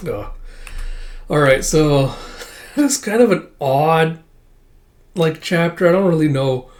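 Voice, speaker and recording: A man's voice: on the high side, a little mellow. Rambling man reading through a manga. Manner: rambling, many fillers, chuckles often. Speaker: manga read-through host. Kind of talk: casual reading commentary.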